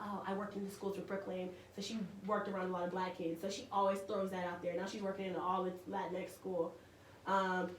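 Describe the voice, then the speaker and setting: A woman talking heatedly in a casual group conversation on a talk show, telling stories in an animated way. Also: mid-range voice. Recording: roomy, distant mic with background noise.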